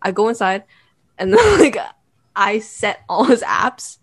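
A teenage girl co-hosting a podcast, animated in casual chat and steering it to the next topic. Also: on the high side, measured pace, vocal fry, slightly rough. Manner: animated, moves the talk along. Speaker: podcast co-host.

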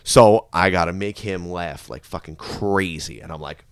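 A man telling a long, profane story on his podcast, animated, with sudden loud rants. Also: low-pitched, normal speed, hardly any pauses, clear, resonant tone, no room sound. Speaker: podcast host. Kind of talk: casual storytelling chat.

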